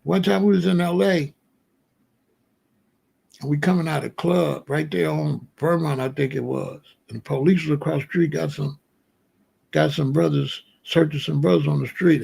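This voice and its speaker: Middle-aged male host, gravelly and husky, fairly high-pitched, animated storyteller who acts out dialogue. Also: normal speed. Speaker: commentary show host. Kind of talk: casual storytelling commentary.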